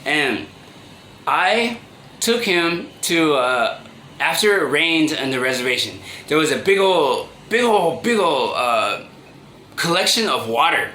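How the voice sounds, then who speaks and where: A man with a bright, fairly high voice tells a personal story casually, stumbling through restarts and fillers and often laughing as he goes. He sounds like he is in an echoey room, with a faint hum of ambient noise behind him. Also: big pitch swings. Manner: halting, full of restarts and fillers; laughs often while telling. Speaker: vlogger telling a personal story.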